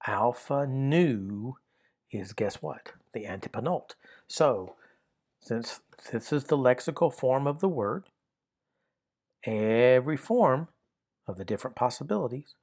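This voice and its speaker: A man explaining grammar rules one example at a time. His voice sits at an ordinary middle pitch. He works methodically, circling back and repeating phrases as he checks each form. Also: lively intonation, a little slow, darkish tone. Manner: methodical, repeats and restarts while pointing at examples. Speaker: Greek grammar teacher.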